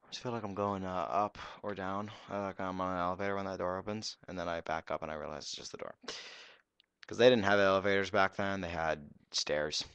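A young man giving goofy, excitable commentary while streaming a game live. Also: low-pitched, a little fast, clean tone, no echo.

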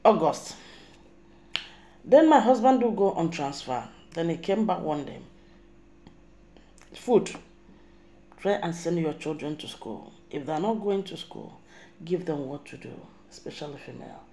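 A woman's voice: low-pitched, expressive, measured pace, long pauses, mellow. A middle-aged woman with a Nigerian accent, giving an emphatic, rambling spiritual monologue to camera as a vlogger. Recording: echoey room.

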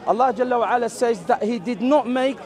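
A high-pitched man argues his case in an open-air debate in a public park. He explains patiently, interrupts often and runs through Arabic recitation fast, with a crowd murmuring faintly behind him. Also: darkish tone. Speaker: street debater.

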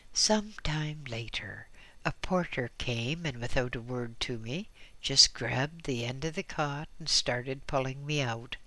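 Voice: medium pitch, pushed and bright, no room sound. A reader narrating a first-person memoir with dry, wry asides. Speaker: audiobook reader.

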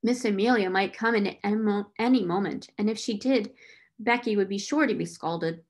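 A woman reading a classic novel aloud in a clear, expressive storytelling manner. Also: mid-range voice, moderate pace. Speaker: reader.

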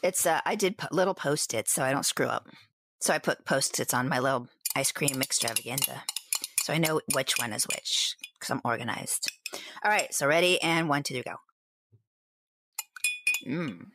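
A woman's voice: very deep voice, expressive, normal speed, noisy background. A woman co-hosting a podcast, chatting playfully as she taste-tests ice cream flavors and describes each one. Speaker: podcast co-host. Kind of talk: casual chat, live taste test.

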